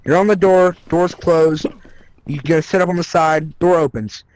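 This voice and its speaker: Man calmly counting out tactics. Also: fairly high pitch, moderate pace, dry recording, rough recording. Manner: instructive, counting out steps. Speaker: co-host. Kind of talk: casual VR game tutorial.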